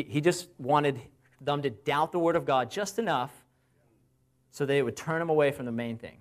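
A man delivers a sermon in an easygoing, conversational way, with a voice of middling pitch for a man. He asks his listeners rhetorical questions and slows down to give each Bible reference. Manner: slows down to cite Bible verses. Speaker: preacher.

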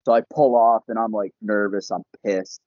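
A young man, a podcast guest, telling a casual story in an animated, profane way and laughing often. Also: fairly low pitch, normal speed, no echo. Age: young adult. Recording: dull, lo-fi podcast audio.

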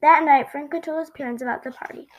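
Woman reading a children's book aloud, high voice, expressive, small slips. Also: fast talker, a little hiss or hum, poor audio. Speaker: storybook reader.

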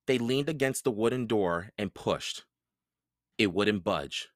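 Guy reading a kids book aloud, deepish voice, real slow and animated. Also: dry recording, clean studio sound. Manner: slow, expressive storytelling. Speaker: storyteller. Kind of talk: children's book read-aloud.

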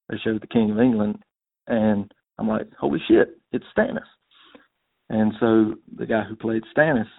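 A man's voice: fairly low pitch, gravelly. A man from South Carolina leaving a rambling, casual voicemail for a podcast, with lots of "uh"s. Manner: casual, rambling with many fillers. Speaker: caller. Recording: tinny phone line.

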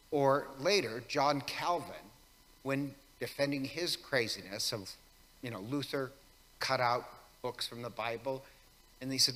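Man, priest, conversational homily, self-mocking, forceful voice, echoing church. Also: mid-range voice, unhurried. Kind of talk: weekday homily. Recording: long church reverb.

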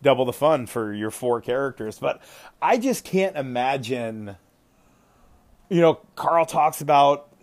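A man hosting a casual podcast chat, talking in an animated way with frequent fillers and exclamations. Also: mid-range voice, unhurried.

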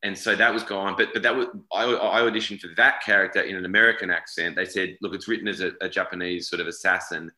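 A man's voice: sits low, fairly even intonation, quick pace, hardly any pauses, pushed and bright, roomy sound, poor audio. A man in his forties with an Australian accent, chatting loosely as an actor being interviewed, often repeating and correcting himself. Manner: rambling, self-correcting, repeats words. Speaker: actor guest. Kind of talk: casual interview chat.

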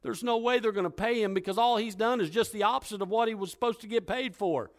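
A male preacher retelling a scripture story in a lively, dramatic sermon style. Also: sits high, normal speed, pauses often. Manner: lively, dramatic retelling with wide swings in loudness.

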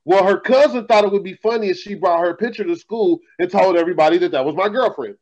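Animated high-voiced man telling stories. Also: fast, muffled recording. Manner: profane, animated storytelling, laughing. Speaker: podcast host. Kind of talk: casual storytelling chat.

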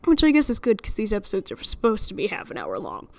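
A young woman with a slight lisp hosts a solo podcast alone in a room on a studio microphone, chatting and rambling while joking at her own expense and laughing often. Her medium-pitched voice is a little mellow, moves fast, and swoops wildly up and down.

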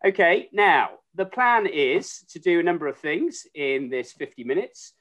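A chatty, joking man hosts the call, his voice sitting a little high for a man. He comes through a video-call mic. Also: sing-song, measured pace, fairly bright tone. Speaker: host. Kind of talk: casual video-call chat.

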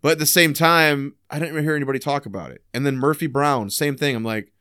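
A man co-hosting a podcast in casual chat, loose and profane, acting out scenes in quick voices. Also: a little high, fairly even intonation, bright, forceful tone, smooth, no room sound, studio quality. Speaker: podcast co-host. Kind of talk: casual chat about old sitcoms.

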